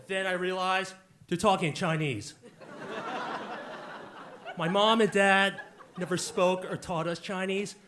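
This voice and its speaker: Man, 40s, fairly high voice, wisecracking live storyteller on a stage mic. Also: fairly bright tone, a little hiss or hum. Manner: jokey, punchy, wisecracking.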